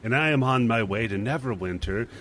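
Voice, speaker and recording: A man puts on a frail old man, queasy and fussy, grumbling about bumpy rides. The voice sits at an ordinary pitch with a faint hiss behind it. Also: expressive, fairly quick, fairly bright tone, close to an everyday voice. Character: frail old man, seasick shipbuilder's son.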